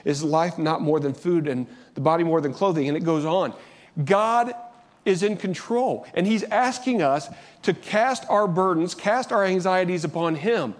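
A middle-aged male pastor delivers a sermon in an earnest, conversational way. His voice sits a little on the high side, and he often stops and restarts his sentences as he works toward his point. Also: normal speed.

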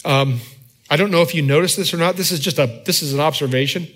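A man preaching a sermon in a conversational way, often checking in with the congregation with quick asides. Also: fairly high pitch, a bit bright. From United States. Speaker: pastor.

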